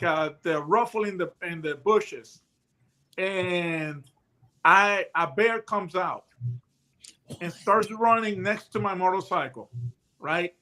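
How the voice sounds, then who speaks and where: A man in his late fifties, a retired hostage negotiator, telling stories in a casual chat, animated and full of restarts and voiced quotes. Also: sits high. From United States. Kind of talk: casual storytelling.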